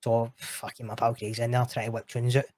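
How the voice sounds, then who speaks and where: Scottish guy telling stories on a podcast, swears a lot, gets animated, dry sound. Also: medium pitch, fairly quick, dry recording. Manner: animated, sweary, quotes others in raised voice. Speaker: guest. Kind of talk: casual storytelling chat.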